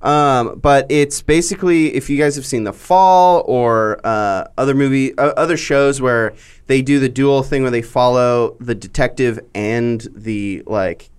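A man co-hosting a movie podcast, chatting casually and telling animated stories. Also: mid-range voice, unhurried, clean tone. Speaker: podcast co-host.

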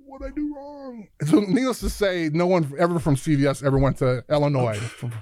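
A man's voice: on the high side, fairly quick, no echo. A man in his fifties from Chicago, a guest telling stories in a casual interview and acting out what people said, with some swearing. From Chicago, USA. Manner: animated storyteller who acts out quoted voices, casual swearing. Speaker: podcast guest, former football player.

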